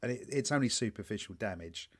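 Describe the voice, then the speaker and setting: A man's voice: fairly low pitch, lively intonation, quick pace. A man, a young adult, co-hosting a podcast in casual chat, swearing and telling stories with mock quotes. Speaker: podcast co-host.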